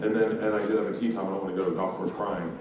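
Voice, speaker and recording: A man's voice: low-pitched, fairly even intonation, rapid-fire. Fifty-something guy doing stand-up, swearing and cracking up, echoey distant live recording with noise. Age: 50s. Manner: rowdy, profane, laughing through the story. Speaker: stand-up comedian. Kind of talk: stand-up storytelling. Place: live comedy venue, audience laughter.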